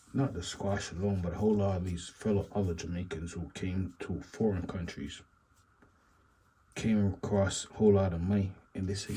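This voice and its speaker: A man's voice: sits low, warm tone, a little hiss or hum, poor audio. A man hosting a casual commentary talk, rambling and musing, circling back with repeated asides. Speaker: commentary channel host.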